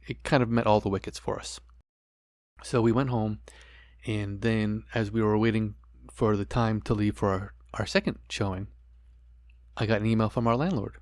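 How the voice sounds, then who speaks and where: Middle-aged man, lowish voice, earnest testimony, dry close recording. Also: steady tone, normal speed, darkish tone, no echo. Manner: earnest, repeats phrases, addresses listeners as folks. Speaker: podcast host. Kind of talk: personal testimony, preaching to listeners.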